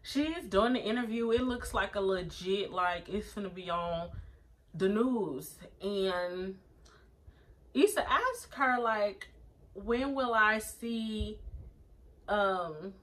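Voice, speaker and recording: A woman's voice: mid-range voice, animated, takes it slowly, rough recording. A woman chatting casually as she recaps a TV episode, sassy and slangy, with lots of "like" and "um". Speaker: TV episode reviewer. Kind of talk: casual chat.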